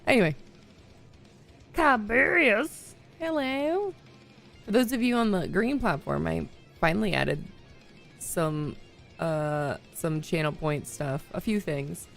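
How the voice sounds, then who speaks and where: A woman hosting a live stream in casual chat, talking to her viewers and laughing often, her voice still a little hoarse. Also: low-pitched, measured pace, soft background music. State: slightly hoarse, voice recovering. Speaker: livestream host.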